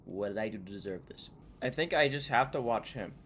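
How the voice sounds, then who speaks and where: A young man gives casual commentary while he plays a horror game. He is excitable, swears freely and thinks out loud in an average-pitched voice. Clear noise runs under the recording. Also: fairly quick. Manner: excitable, swears a lot, talks to himself. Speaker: gaming YouTuber. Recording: noisy game audio.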